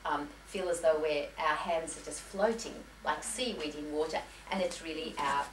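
A deep-voiced woman speaks at a moderate pace as she gives a piano-teaching lecture to teachers, rambling through anecdotes with frequent restarts and self-corrections. The lecture room is echoey, she sounds far from the mic, and there's a faint hiss.

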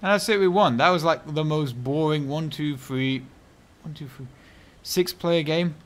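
A man's voice: fairly high pitch, a little slow. Sarcastic man narrating his game. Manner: chatty and sarcastic, swinging from mutters to loud outbursts, heavy slang. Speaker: video game commentator. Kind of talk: live gameplay commentary.

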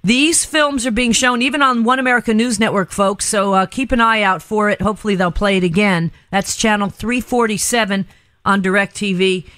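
Chatty talk-radio hostess, bright crisp tone, dry studio sound, prone to giggles and rambling. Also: female voice, mid-range voice, steady tone, moderate pace, no room sound. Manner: chatty, laughs easily, rambling. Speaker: radio talk show host. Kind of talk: casual radio banter.

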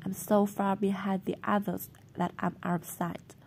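A woman's voice: mid-range voice, little pitch movement, normal speed, gravelly, darkish tone, slight background noise, natural voice. A woman reading the part of a sullen, defiant schoolgirl in a storybook, in an offhand manner.

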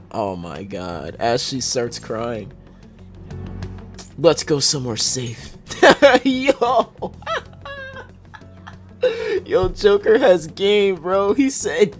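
An excitable young man commenting on a game, his pitch leaping up whenever he laughs or is surprised. He talks in slangy, casual bursts full of swearing, with faint music behind him. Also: drawn-out words, long pauses. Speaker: gaming channel host.

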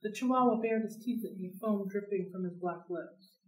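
A woman reading a novel aloud for a library read-along, in an expressive, steady storytelling manner. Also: medium pitch, moderate pace. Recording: roomy sound, distant from mic.

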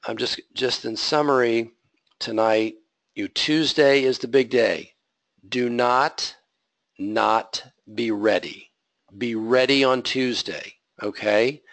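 A man's voice: fairly low pitch, creaky, fairly bright tone, no room sound. A man teaching a web design class, talking through his code step by step and checking in with the students. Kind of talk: live coding lecture.

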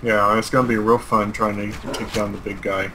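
A man talking casually while playing a co-op game, relaxed and matter-of-fact. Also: fairly low pitch, moderate pace. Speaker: co-op gaming guest. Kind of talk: casual co-op gameplay chat. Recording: very noisy game voice chat.

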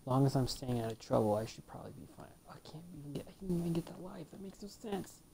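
A woman with a deep, mellow voice talks through a video game in casual commentary. Her delivery is unhurried but swings widely in pitch, jumping up on exclamations and sinking into half-whispered mutters. She complains playfully to herself as she plays. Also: lively intonation, creaky, a little hiss or hum. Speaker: let's play gamer.

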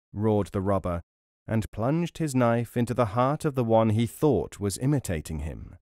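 A man's voice: lowish voice, very animated, normal speed, darkish tone, dry recording. Man reading folk tales, dry close sound. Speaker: storyteller. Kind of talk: audiobook storytelling.

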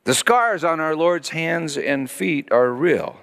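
A middle-aged man preaching a sermon as pastor, telling a story with lively acted-out voices and sudden hushed drops. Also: fairly high pitch, takes it slowly, creaky. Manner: animated storytelling, acting out voices, dropping to hushed tones. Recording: long hall reverb.

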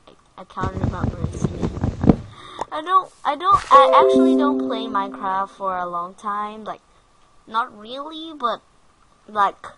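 Brief: woman gaming host, nervous and giggly, unhurried speech, loud noise in the background. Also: mid-range voice. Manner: jumpy, giggly, easily frightened. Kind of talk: casual let's play commentary.

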